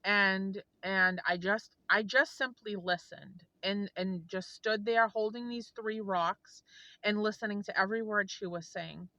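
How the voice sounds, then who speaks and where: A woman's voice: mid-range voice, steady tone, a little slow, pushed and bright, no room sound, low-quality recording. A woman vlogger telling a heartfelt story to her viewers in an earnest, rambling way. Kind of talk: casual storytelling to camera.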